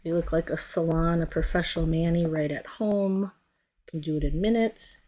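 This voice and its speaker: A woman's voice: sits low, fairly even intonation, moderate pace, warm tone. A woman giving a casual, chatty nail tutorial, describing what her hands are doing and often stopping to correct herself. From United States. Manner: chatty, narrates her hands as she works; often trails off and self-corrects. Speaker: nail product stylist.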